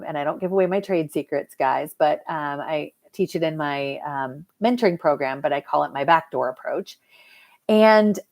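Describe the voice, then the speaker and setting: A woman hypnotherapist chatting casually to viewers on a live stream, lively and talking straight to her audience. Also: low-pitched. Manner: chatty and lively, addresses viewers as "you guys". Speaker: hypnotherapist and mentor.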